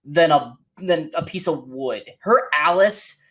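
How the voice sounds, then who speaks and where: A man co-hosting a casual movie review show, animated and mocking, often acting out quotes from scenes. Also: a little high, takes it slowly, slight background noise. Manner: animated, mocking, acts out quotes in silly voices. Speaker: podcast co-host.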